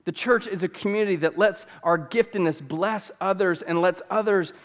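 A man's voice: high voice, normal speed, in a large hall. A pastor in his thirties preaching a sermon in a church, earnest and fond of repeating key phrases for emphasis. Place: church sanctuary.

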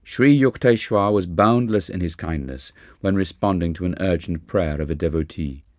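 A man narrating an autobiography audiobook in a calm, measured reading. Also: low-pitched, no echo, clean studio sound. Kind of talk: scripted narration.

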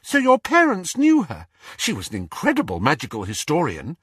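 A man's voice: fairly high pitch, huge pitch swings, normal speed, fairly bright tone, slightly rough, dry recording, clean studio sound, pitched above the performer's own voice, full character voice. A man voicing an anxious, bossy teenage witch girl who talks in a breathless, urgent way. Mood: probing.

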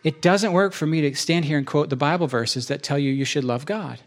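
A man's voice: on the high side, brisk. A man preaching a sermon in a church, enthusiastic and conversational, often restarting his sentences.

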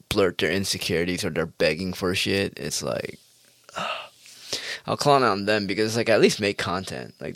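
A man talks alone on his podcast in a low voice, rambling and profane, mocking others as he goes. The sound is dry and close, with no room around it. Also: no room sound. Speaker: podcast host. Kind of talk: casual solo podcast monologue.

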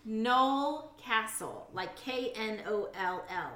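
A woman co-hosting a casual podcast with quick, giggly remarks. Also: on the high side, lively intonation, pushed and bright, reverberant. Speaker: podcast co-host. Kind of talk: casual drinking chat.

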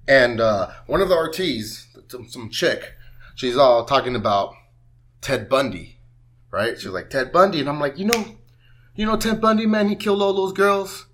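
A man's voice: mid-range voice, very animated, moderate pace, fairly bright tone. A man telling a rambling, profane story in a casual podcast chat, often laughing as he talks. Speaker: podcast co-host.

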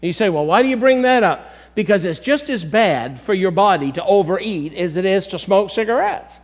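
A middle-aged man with a high voice preaches from the pulpit. He speaks emphatically and addresses his congregation directly. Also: lively intonation, normal speed. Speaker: pastor. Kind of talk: sermon.

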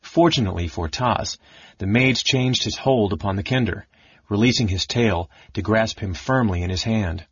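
Low, husky male audiobook narrator. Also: normal speed, no echo, dull audio. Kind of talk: scripted narration.

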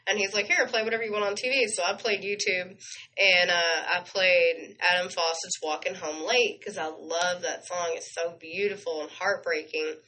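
A woman's voice: on the low side, steady tone, normal speed, sharp tone, a little hiss or hum, rough recording. A woman co-hosting a radio show, telling stories in a chatty, gushing way. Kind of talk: casual on-air chat.

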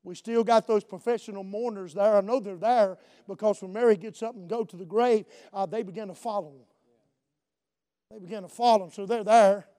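A man preaching a sermon as pastor. He swings between loud shouted passages and low, quiet asides, and keeps saying "Amen" to the congregation. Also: fairly even intonation, fairly quick. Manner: punctuates with "Amen" and calls to the congregation.

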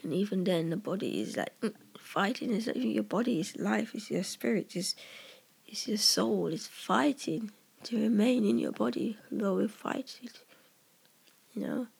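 Gravelly, husky poet musing in halting whispers. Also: mid-range voice, animated, darkish tone. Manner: earnest, halting, drops into whispers. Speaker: poet discussing own poem. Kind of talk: personal reflective monologue.

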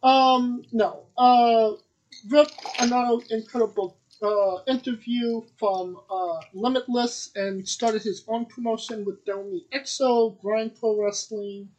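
Upbeat high-voiced male podcast host. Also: fairly even intonation, unhurried, a little mellow, a little hiss or hum, poor audio. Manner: upbeat, rambling with many fillers. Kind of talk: casual chat.

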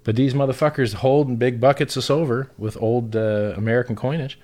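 A man's voice: medium pitch, steady tone, brisk, darkish tone. A man on a casual talk show, ranting bluntly and swearing constantly in a heated, profane way.

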